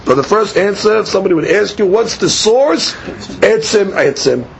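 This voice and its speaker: A man's voice: high voice, expressive, brisk, creaky, a little hiss or hum. A man teaching a study class, explaining step by step and posing and answering his own questions.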